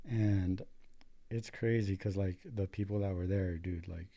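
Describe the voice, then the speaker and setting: A young adult American man, a paramedic appearing as a guest, tells his story in casual, profane talk full of "like" and constant "dude." His voice is low-pitched, mellow and steady, at a measured pace.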